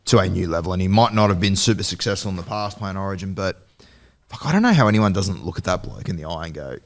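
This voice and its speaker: Deep-voiced, opinionated Australian man. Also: expressive, fast talker. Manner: earnest, opinionated. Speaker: podcast co-host. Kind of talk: casual sports chat.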